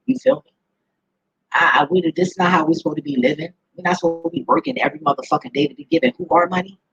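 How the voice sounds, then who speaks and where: A woman's voice: deep voice, vocal fry, fairly bright tone, slightly rough, dry recording, muffled recording. A woman ranting to camera in a blunt, profane way, often laughing as she talks. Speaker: vlogger. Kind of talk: casual ranting monologue to camera.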